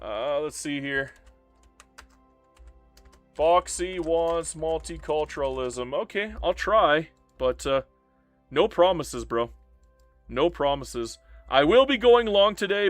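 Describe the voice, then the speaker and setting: A man's voice: fairly high pitch, no echo. A man streaming a strategy game live, chatting casually with his viewers and a little emotional and upset. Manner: animated, talks straight to chat, swings from joking to earnest.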